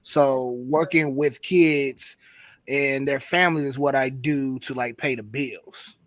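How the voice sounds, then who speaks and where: A man's voice: medium pitch, steady tone, slow pace, no room sound. Congested man in loose podcast chat. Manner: loose, slangy, swearing freely. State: congested from a cold. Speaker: podcast guest.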